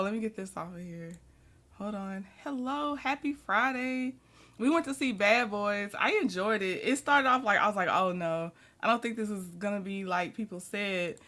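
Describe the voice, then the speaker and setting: A woman's voice: medium pitch, sharp tone. A woman hosting a casual livestream, chatty and laughing often, sleepy and yawning as she greets her viewers by name. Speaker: livestream host.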